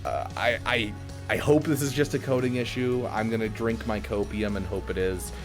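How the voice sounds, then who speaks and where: A man with a fairly low voice chats casually on a gaming podcast. He stops and restarts often, stacking fillers as he thinks aloud. Soft music plays faintly behind him. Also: animated. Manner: halting, many restarts and fillers. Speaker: co-host.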